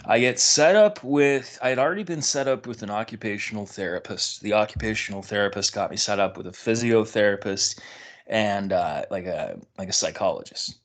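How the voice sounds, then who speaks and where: A man telling a personal story in casual podcast chat, acting out quoted dialogue with lively shifts. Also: lowish voice, a little fast. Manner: animated, acts out quoted dialogue. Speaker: podcast guest.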